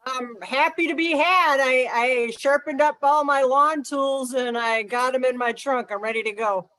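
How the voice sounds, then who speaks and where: A woman's voice: sits high, a little slow, a bit bright, no room sound. A woman improvising an eager, earnest new lawn worker. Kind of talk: improv comedy scene.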